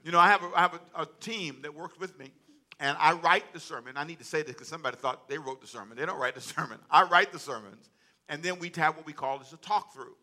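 A man preaching a sermon in an animated way, acting out quotes and chuckling as he goes. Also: fairly high pitch, quick pace. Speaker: pastor.

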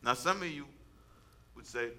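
A man's voice: medium pitch, normal speed, pushed and bright. A man preaching a sermon as pastor, talking in a conversational way with asides to the congregation.

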